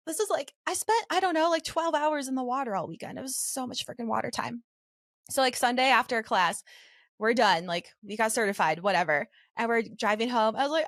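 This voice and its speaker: A woman's voice: a little high, expressive, brisk, a bit bright, dry recording, studio quality. A young woman podcast co-host telling a story in a casual way, full of "like" fillers, acting out her own panicked quotes.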